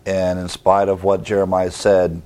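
A man with a somewhat low voice teaches through a scripture passage as a pastor. He reads deliberately and in measure, pausing to stress key repeated words. The tone is that of an expository sermon. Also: monotone, darkish tone. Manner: deliberate, measured reading with emphatic repetition.

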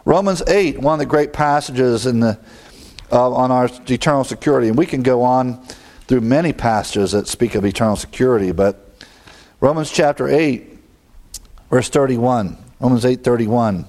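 A man's voice: medium pitch, moderate pace, a little mellow. A middle-aged man preaching a sermon, emphatic, quoting scripture and asking the congregation rhetorical questions. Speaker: pastor.

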